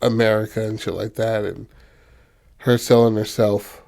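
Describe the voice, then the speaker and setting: A man's voice: lowish voice, level tone, normal speed, creaky, a little mellow. A man hosting a podcast, retelling a film in loose, slangy casual chat full of fillers. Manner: loose and slangy, heavy on fillers like "you know".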